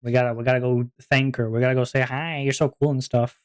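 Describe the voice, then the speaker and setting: A streamer ending a casual live stream, rambling with many fillers and plenty of giggling. The voice sits at a middle pitch, and the talk stays loose and unscripted. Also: flat delivery, fast, clean tone.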